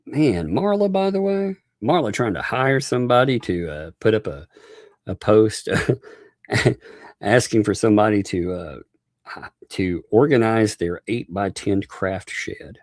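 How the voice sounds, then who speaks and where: A man's voice: fairly low pitch, animated, a little slow, darkish tone, no room sound, clean studio sound. A man hosting a live stream, chatting casually, laughing often and thanking viewers by name.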